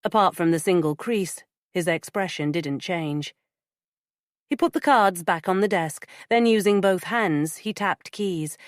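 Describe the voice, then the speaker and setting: Low-voiced woman narrating a thriller. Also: no echo, studio quality. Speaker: audiobook narrator. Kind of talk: scripted narration.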